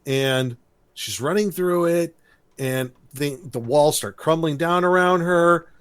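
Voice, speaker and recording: A man co-hosting a podcast, recapping a cartoon episode in a lively, storytelling way and laughing as he goes. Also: a little high, takes it slowly, clear, resonant tone. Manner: animated storytelling, briefly imitates characters with laughs. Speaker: podcast co-host.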